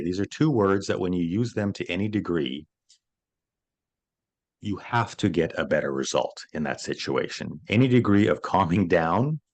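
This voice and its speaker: A man answering an interview question as a stress coach, earnestly explaining his approach and often repeating words as he starts a thought. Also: low voice.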